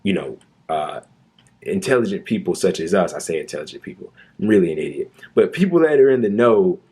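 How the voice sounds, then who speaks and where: A man rants through a commentary monologue in a low, husky, mellow voice. He sounds indignant and sarcastic and leans hard on his points by repeating them. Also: very animated, a little fast. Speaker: commentary youtuber.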